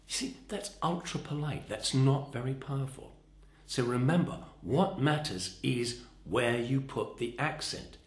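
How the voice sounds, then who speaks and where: Male voice coach with a lively pitch and expressive stress. Recorded in a reverberant room. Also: normal speed. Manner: expressive, demonstrative, shifts stress to show emphasis. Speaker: voice and speaking coach. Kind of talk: instructional talk.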